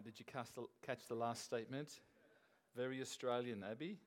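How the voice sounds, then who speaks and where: An older man preaches to his congregation in a relaxed, chatty way, chuckling as he talks. His voice is of middling pitch, and he speaks like a grandfather easing into his sermon. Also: moderate pace. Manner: jovial, chuckling, conversational. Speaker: pastor. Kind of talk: sermon opening.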